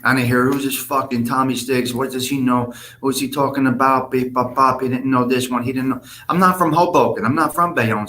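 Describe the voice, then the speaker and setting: A man talks straight to his viewers on a live stream. He rambles in a blunt, profane street manner at an ordinary mid pitch. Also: a bit bright. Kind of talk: casual live-stream chat reading comments.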